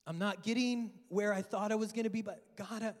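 High-voiced pastor pleading in a reverberant church. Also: male voice, steady tone, brisk. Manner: emotional, pleading, swings between loud cries and hushed whispers. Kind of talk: sermon. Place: large church hall. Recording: long church-hall reverb with faint music. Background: soft worship music.

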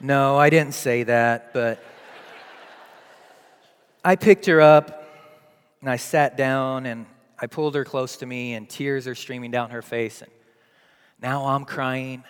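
A man in his thirties preaching a sermon as a pastor, telling a family story and moving between hushed softness and loud, pleading prayer. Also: mid-range voice, steady tone, takes it slowly, long pauses, clean tone, big-room sound.

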